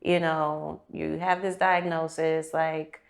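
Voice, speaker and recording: A woman interviewer with a low, gravelly voice asks questions slowly and unhurriedly. She chimes in often with soft, supportive murmurs as the other speaker talks. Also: level tone. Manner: supportive, frequent murmured backchannels. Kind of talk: casual interview chat.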